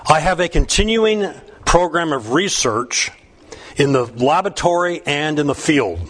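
A man reading a proud mother's lines, delivered in a crisp, dry, matter-of-fact way. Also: a little high, animated, a little slow, a bit bright. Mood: deadpan. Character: woman, a proud mother stating her job.

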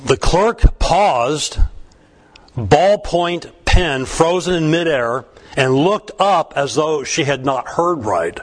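A man reading a humorous first-person story aloud, wry and even. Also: fairly high pitch, slow pace. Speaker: narrator.

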